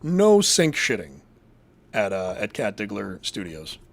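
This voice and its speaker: A man's voice: lowish voice, wildly swooping pitch, measured pace, creaky, slight background noise. A man from Massachusetts hosting a casual live show, reading chat and rambling in a crude, profane, jokey way.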